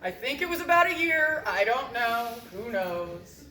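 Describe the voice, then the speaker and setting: A woman telling a story live to an audience, in a lively, joking, casual way. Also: fairly high pitch, measured pace, slight background noise. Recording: roomy echo.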